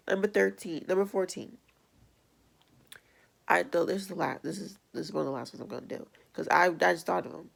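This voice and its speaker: A woman's voice: fairly low pitch, fairly quick, creaky. A young adult woman vlogger ranting bluntly and with exasperation in a casual video. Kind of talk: casual vlog rant.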